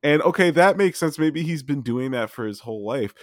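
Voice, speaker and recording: Lively, rambling man with a dry sound. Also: fairly high pitch, fairly quick, no room sound. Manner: lively, rambling, swears casually, many fillers. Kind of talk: casual chat.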